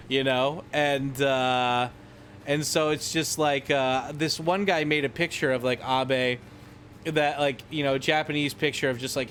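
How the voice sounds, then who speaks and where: A man's voice: mid-range voice, a bit bright, slight background noise. A young man from the United States vlogging in a rambling, profane, irreverent way, full of fillers. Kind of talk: casual rambling commentary.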